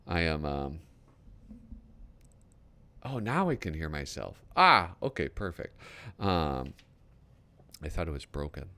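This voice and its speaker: A man's voice: rumbling low, sing-song, slow pace, pauses often, pushed and bright. A man hosting a casual magazine flip-through, who swears and trails off into mumbled asides. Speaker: host.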